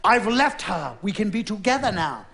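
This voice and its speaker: A man's voice: high-pitched, big pitch swings, moderate pace, pushed and bright, heavily acted. A man voicing a vain, melodramatic English king pining after a lover who rejected him.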